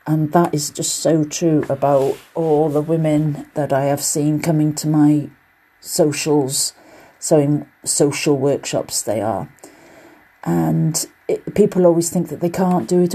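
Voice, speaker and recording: On a casual podcast she hosts alone, a UK woman who teaches quilting talks about the craft in an unhurried, steady voice that is low, mellow, and slightly rough. She keeps things chatty and encouraging, with loose asides.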